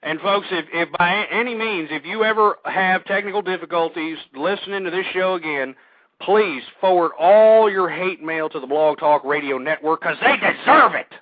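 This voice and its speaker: A male talk radio host ranting through a monologue, swinging between shouting and weary sighs. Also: high-pitched, moderate pace, no echo. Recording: dry tinny phone-line audio.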